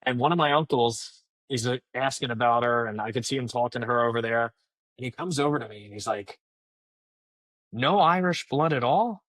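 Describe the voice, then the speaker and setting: A man's voice: medium pitch, fast talker, fairly bright tone, no room sound. A man in his thirties, a podcast guest telling stories in a casual, chatty way with many fillers. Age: 30s. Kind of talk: casual storytelling interview.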